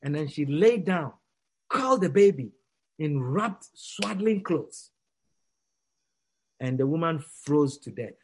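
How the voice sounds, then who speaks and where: A male preacher with a high voice tells a story to his congregation. His pitch swings widely as he acts out the characters. He moves from hushed tones to near-shouts. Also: expressive, takes it slowly, pauses often, slight background noise.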